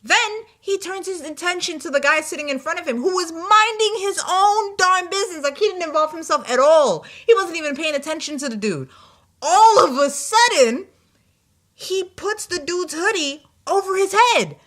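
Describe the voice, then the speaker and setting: Bright-voiced young woman telling a story. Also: very high voice, moderate pace. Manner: animated, exasperated storytelling with quoted asides. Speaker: vlogger. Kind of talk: casual storytelling.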